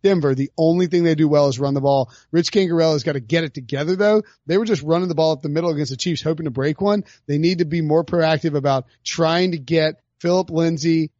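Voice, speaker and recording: A man hosts a football betting podcast in loose, joking chat. His voice sits a bit high and is recorded very dry, with a slightly muffled, dull tone. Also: darkish tone, dry recording. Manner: casual, joking, quick asides. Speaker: podcast host.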